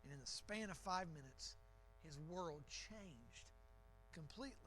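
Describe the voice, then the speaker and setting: A man's voice: a little high, lively intonation, measured pace, a bit bright, a little hiss or hum, poor audio. A man preaching a sermon in a church, talking in a conversational, emphatic way with frequent restarts. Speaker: pastor.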